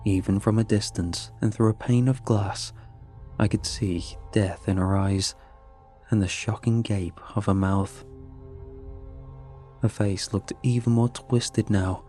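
A man narrating a scripted horror story with a low, dark, mellow voice. His delivery is measured and ominous. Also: fairly even intonation, faint music behind.

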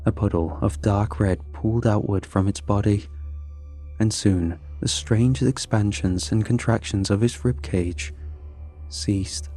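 A man narrating a scripted horror story in a measured, suspenseful way. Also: on the low side, warm tone.

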